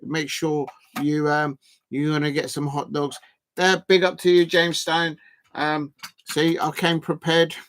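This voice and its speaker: A man's voice: a little high, level tone, a little slow, a bit bright. A man, chatting casually on a live football watch-along stream, rambling and drawing out words as he types.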